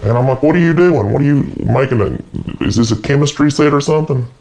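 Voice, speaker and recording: A man's voice: medium pitch, fast talker, a little mellow, natural voice, low-quality recording. An actor playing an awkward, earnest adult man who stammers through a mock interview as someone's twin brother. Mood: rambling. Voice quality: creaky. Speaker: interview guest.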